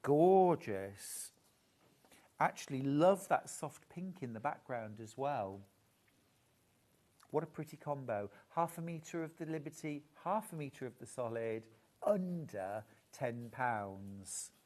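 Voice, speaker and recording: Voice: medium pitch, lively intonation, slow pace, darkish tone. Gushing shopping channel presenter. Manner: gushing, admiring, chatty asides. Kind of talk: live product presentation.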